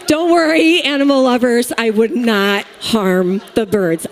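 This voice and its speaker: A woman in her thirties giving a sermon, chatty and joking with the congregation between points. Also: on the high side. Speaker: speaker at a church service. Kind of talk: sermon with personal stories. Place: large church hall with live audience. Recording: long hall reverb.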